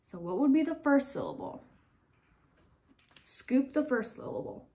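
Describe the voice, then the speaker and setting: Young woman teacher, slow clear phonics steps. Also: high-pitched, huge pitch swings, dark tone. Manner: slow, clear step-by-step instructions with pauses. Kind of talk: online phonics lesson for young children.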